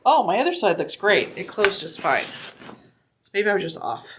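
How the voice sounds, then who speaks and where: A woman giving a casual sewing demonstration, gushing and excitable and talking to herself as she works in a home sewing room, sometimes drifting away from the mic. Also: medium pitch, normal speed, background noise. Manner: gushing and excitable, talks to herself while working.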